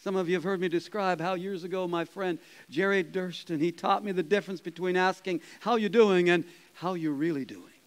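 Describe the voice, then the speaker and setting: A man, a pastor, preaching a conversational sermon, chuckling and dropping to soft quoted asides. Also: high voice, steady tone, fairly quick, hardly any pauses, clear, resonant tone, low-quality recording. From Canada.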